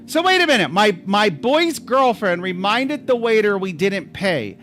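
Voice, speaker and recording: Man, livestream host, high voice, lively rises and falls, rambling casual storytelling. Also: unhurried, hardly any pauses, faint music behind. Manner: rambling, animated, self-interrupting. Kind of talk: casual storytelling to a live chat.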